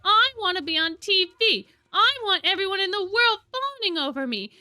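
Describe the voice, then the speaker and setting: A woman voicing a brash, boastful little male monster who shouts and whines in tantrums. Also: fairly even intonation, slow pace, no echo, full character voice. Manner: shrill, whiny tantrum shouting.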